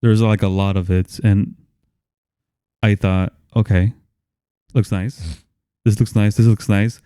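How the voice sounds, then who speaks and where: A man co-hosting a casual movie review podcast, laid-back and quick to agree. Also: on the low side, steady tone, dark tone, smooth, dry recording, studio quality. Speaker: podcast co-host.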